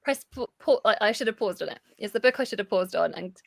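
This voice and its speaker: A woman's voice: medium pitch, animated, fast talker, creaky, no echo, clean studio sound. A woman co-hosting a live book chat, talking casually with frequent laughs and restarts. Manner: chatty and giggly, full of restarts. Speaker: co-host of a book livestream.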